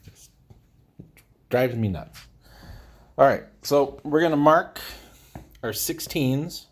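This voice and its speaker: Slow and a bit breathy, a man with a medium-pitched, lively voice hosts a DIY build. He's casual and outspoken as he works, wandering into anecdotes and making self-deprecating jokes.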